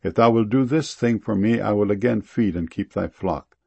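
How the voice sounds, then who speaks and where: A man giving a solemn scripture reading in a measured, even delivery. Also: fairly low pitch, gravelly, breathy edge, no echo, dull audio. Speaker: scripture reader.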